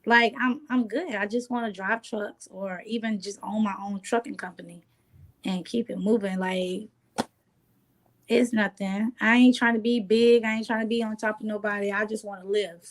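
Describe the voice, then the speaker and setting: A woman talking as an interview guest in casual chat, relaxed and streetwise, often asking "you know what I'm saying". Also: medium pitch, normal speed, a little hiss or hum.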